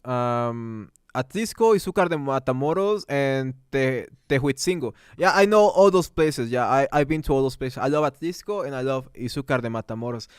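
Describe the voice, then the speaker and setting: A young man hosts a casual livestream and reads out viewer comments as he goes. His English is halting and full of restarts and fillers. His voice is smooth and clear, recorded close on a dry microphone. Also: fairly high pitch, dry recording. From Mexico. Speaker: livestream host.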